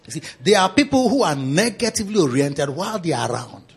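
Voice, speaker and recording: A pastor preaching a sermon in a teasing, repetitive style. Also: male voice, on the high side, big pitch swings, fast, vocal fry, slight background noise.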